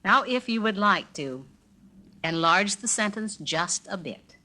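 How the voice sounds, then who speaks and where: A woman leads a recorded language lesson at an unhurried, deliberate pace. Her bright, clear voice rises and falls widely as she demonstrates each greeting with exaggerated inflection. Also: medium pitch, expressive. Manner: slow, carefully inflected, demonstrates phrases with exaggerated intonation. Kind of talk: scripted spoken-word lesson.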